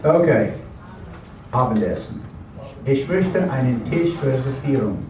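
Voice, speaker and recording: A man's voice: mid-range voice, big pitch swings, a little slow, crowd noise. A man teaching a language class in a chatty way, repeating words and explaining them with asides. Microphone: camera mic at a distance. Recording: very echoey room, distant camera mic.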